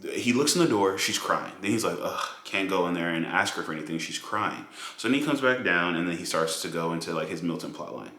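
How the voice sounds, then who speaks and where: A man giving a casual, animated film review monologue with lots of fillers and mocking asides. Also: low voice, brisk, hardly any pauses, roomy sound. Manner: animated, mocking quoted voices, many fillers.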